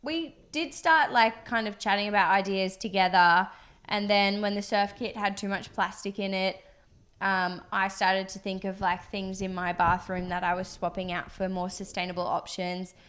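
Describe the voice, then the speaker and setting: A woman's voice: mid-range voice, steady tone, normal speed, a bit bright, smooth. Chatty young woman co-host, loose and rambling, talks business with her partner. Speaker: podcast co-host, business co-founder. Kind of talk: casual chat.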